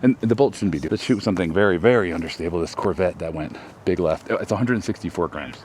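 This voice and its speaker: On a disc golf course outdoors, a fast-talking host from Texas, US, with a low-pitched, slightly mellow voice rambles through a casual vlog about his throws. He's chatty and self-deprecating, with slight background noise.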